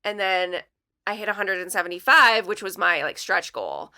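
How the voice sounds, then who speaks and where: A woman's voice: medium pitch, moderate pace, clean tone. A woman guest on a podcast, chatting casually and acting out quotes as she tells stories. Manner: animated storytelling, acts out quotes. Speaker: podcast guest, letterpress studio owner. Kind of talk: casual chat.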